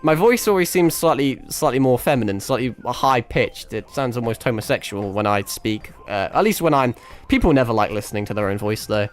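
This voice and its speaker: Um jovem streamer conversando casualmente de madrugada, divagando com muitos palavrões, hesitações e recomeços, com a voz cansada e falhando depois de horas falando. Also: male voice, medium pitch, animated, fairly quick. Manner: rambling, swearing, lots of restarts and fillers. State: voice tired and cracking after hours of talking. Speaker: VTuber streamer. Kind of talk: casual late-night stream chat. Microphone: desk microphone.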